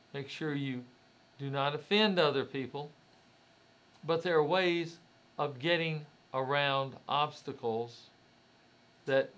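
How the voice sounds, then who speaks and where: Male motivational speaker, slightly higher voice; direct, conversational, leans on rhetorical questions. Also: a bit bright. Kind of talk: motivational talk.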